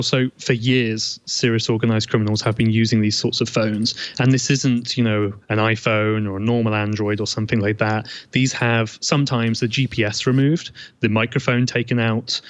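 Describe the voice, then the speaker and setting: A man's voice: mid-range voice, no room sound, highs cut off. A man being interviewed as a journalist from a remote line, explaining things fluently. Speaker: guest journalist.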